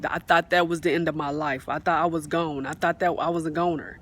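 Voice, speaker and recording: Speaking quickly in a low-pitched voice with fairly even intonation, a faith vlogger shares a fervent, repetitive testimony from a swing outdoors. She often calls out to her viewers, recording on a phone whose mic is sometimes partly covered.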